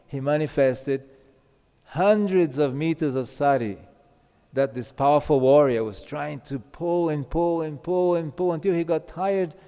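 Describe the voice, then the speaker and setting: Man preaching, storyteller, fairly high pitch, warm and mellow, echoing temple hall. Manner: storytelling, acts out quoted dialogue. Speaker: speaker giving a scripture class. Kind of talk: sermon.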